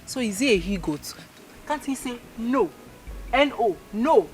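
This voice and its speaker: A woman's voice: on the high side, expressive, measured pace, a little mellow, faint music behind. Scornful village girl. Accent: Nigerian. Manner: scornful, indignant. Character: scornful young village woman. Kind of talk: film acting.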